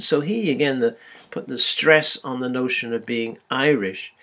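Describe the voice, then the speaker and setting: A man's voice: medium pitch, normal speed, sharp tone. A man giving a university lecture, hesitant and full of ums and restarts.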